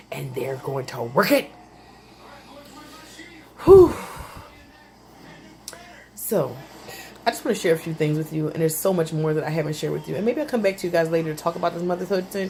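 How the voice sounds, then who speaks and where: A young adult woman, a mother, ranting casually to camera about parenting, animated and exasperated. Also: slight background noise. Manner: animated, exasperated, pitch jumps up for emphasis.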